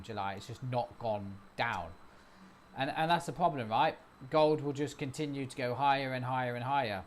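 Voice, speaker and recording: A man hosting a live stream, chatting casually and cheering on his trades out loud. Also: medium pitch, a little hiss or hum. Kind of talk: casual chat.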